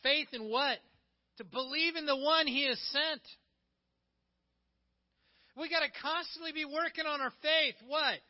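A man's voice: very high voice, unhurried, pauses often. A male pastor preaching a sermon in a conversational way, acting out the quotes he tells. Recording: dull, muffled recording.

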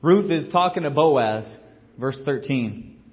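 Animated pastor preaching with lo-fi sound. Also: male voice, medium pitch, slow pace. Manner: animated storytelling, acts out quotes with big swings in loudness; casual and joking asides. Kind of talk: sermon.

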